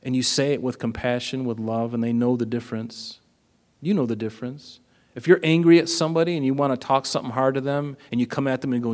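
A man's voice: medium pitch, a little fast, a little mellow. A man preaching a sermon in a conversational way, asking his listeners questions and acting out the lines he quotes. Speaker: pastor.

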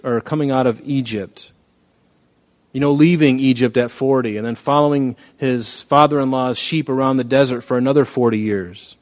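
A man's voice: mid-range voice, a little mellow. Man preaching a conversational sermon. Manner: conversational preaching, acts out dialogue voices. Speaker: pastor.

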